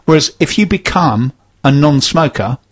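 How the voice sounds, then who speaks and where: A man hosting a casual chat and telling personal anecdotes in a relaxed way. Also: a little high, normal speed, breathy edge. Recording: dull lo-fi sound.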